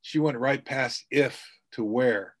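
A man's voice: mid-range voice, slow, fairly bright tone. A middle-aged man, a sales trainer, telling anecdotes in a podcast interview and acting out the quotes.

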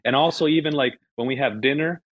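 A man's voice: medium pitch, fast talker, no echo, highs cut off. A man in a casual online group chat, talking in a brash, emphatic way full of swearing. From Mexican family background. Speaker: guest.

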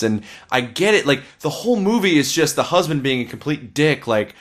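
A man's voice: medium pitch, lively intonation, fairly quick, hardly any pauses, a bit bright. A man co-hosting a casual podcast, rambling and opinionated as he reviews films, swearing freely. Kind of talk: casual chat.

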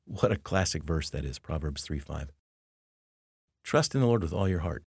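A middle-aged man with a very low, husky voice explains spiritual ideas to his listeners. He speaks earnestly and circles back to restate each point. The sound is close and dry, with no room around it. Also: animated, moderate pace, a little mellow, no room sound. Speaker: podcast host, Christian teacher. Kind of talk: reflective spiritual teaching talk.

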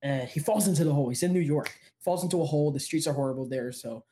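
Brief: young business guest from Jersey, warm mellow tone, energetic storyteller. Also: male voice, quick pace, a little hiss or hum. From New Jersey. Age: young adult. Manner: energetic storyteller, pitching to listeners. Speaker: interview guest, business owner. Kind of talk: casual interview storytelling.

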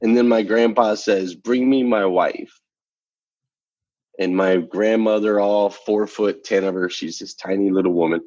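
A man's voice: lowish voice, fairly even intonation, normal speed, few pauses, a little mellow, no echo, highs cut off. A man telling a personal story in conversation, earnest and emphatic, repeating phrases for effect. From United States. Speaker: interview guest.

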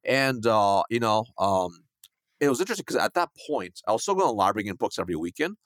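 A man telling a sales story in a lively, fast conversational way, acting out the voices of the people in it. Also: fairly low pitch, no room sound, studio quality. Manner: fast, animated, acts out quoted dialogue. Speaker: guest, sales coach.

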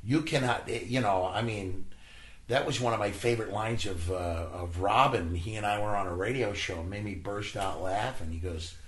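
A man telling stories as an interview guest, animated, often laughing and acting out other people's voices. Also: fairly low pitch, moderate pace. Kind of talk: anecdotal interview talk. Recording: echoey room with faint noise.

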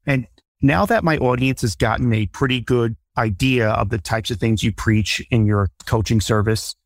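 A man hosting a podcast interview, talking in a reflective, measured way and openly about himself. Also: mid-range voice, gravelly, no echo, studio quality. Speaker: podcast host.

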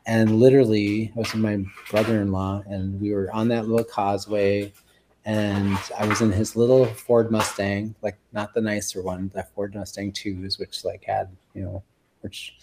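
A man's voice: fairly low pitch, little pitch movement, normal speed, background noise. A man around sixty, a health guest on a radio talk show, telling stories in a rambling way full of fillers. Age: about 60. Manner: rambling, full of "like" and "you know". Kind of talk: casual radio chat.

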